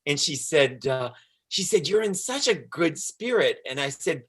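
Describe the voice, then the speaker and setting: A man's voice: fairly high pitch, very animated, unhurried, fairly bright tone, slightly rough. A man recounting his experience as an interview guest, telling it animatedly, acting out the dialogue and laughing often. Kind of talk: casual storytelling interview.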